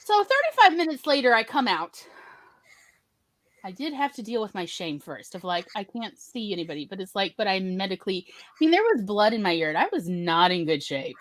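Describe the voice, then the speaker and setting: A woman hosting a casual talk show, telling a personal story in a lively way and acting out other people's lines in shifting voices. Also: medium pitch, fairly quick, no room sound. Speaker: podcast host telling a story.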